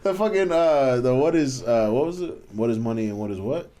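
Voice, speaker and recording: A man's voice: medium pitch, expressive, a little fast, warm tone. A man co-hosting a casual podcast with friends, teasing and arguing playfully, laughing often. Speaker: podcast co-host. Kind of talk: casual chat among friends. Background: friends talking and laughing.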